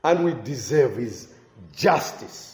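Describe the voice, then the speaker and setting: A man's voice: medium pitch, expressive, slow pace, darkish tone, echoey room. A man preaching a sermon with emphasis, repeating key phrases for weight.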